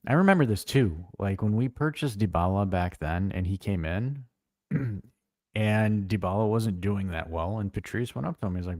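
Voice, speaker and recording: A man co-hosting a casual football live stream, blunt and animated, swearing freely as he tells stories. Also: on the low side, moderate pace, no echo, studio quality. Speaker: co-host.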